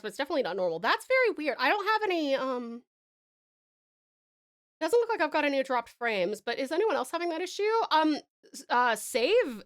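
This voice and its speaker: A woman's voice: high-pitched, a bit bright. A young Australian woman with an Australian accent, chatting casually on a live stream, reading chat aloud and laughing often.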